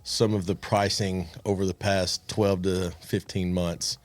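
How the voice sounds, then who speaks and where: A man hosting a podcast, telling animated anecdotes with restarts and chuckles. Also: sits low, a little slow, no echo. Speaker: podcast host. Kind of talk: casual storytelling chat.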